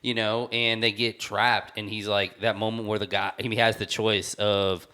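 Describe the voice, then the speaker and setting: A man's voice: fairly low pitch, little pitch movement, moderate pace, bright, forceful tone, clean tone. Rambling man on a podcast. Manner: rambling, many restarts. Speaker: podcast co-host. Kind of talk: casual chat.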